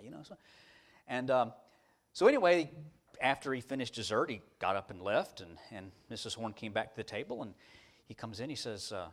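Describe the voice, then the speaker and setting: Male preacher, animated sermon, folksy storytelling, repeats and restarts, lively pitch. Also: brisk. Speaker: pastor.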